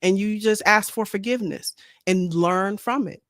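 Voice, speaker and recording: A woman's voice: mid-range voice, moderate pace, no room sound, clean studio sound. A woman co-hosting a casual faith talk show, speaking bluntly and repeating her points. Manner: blunt, outspoken, repeats herself. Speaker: co-host. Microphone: streaming microphone.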